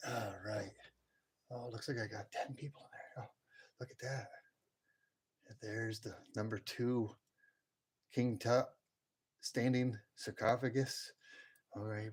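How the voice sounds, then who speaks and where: Excitable man live-streaming his workshop. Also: medium pitch. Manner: excitable, whoops and laughs often. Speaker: live streamer casting metal. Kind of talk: casual live stream chat.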